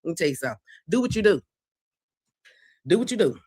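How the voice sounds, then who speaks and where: A middle-aged woman with a Southern twang, hosting a casual livestream from a porch, brash and profane, shouting out viewers by name. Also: lowish voice, very animated, quick pace, slightly rough, no room sound, clean studio sound. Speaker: livestream host.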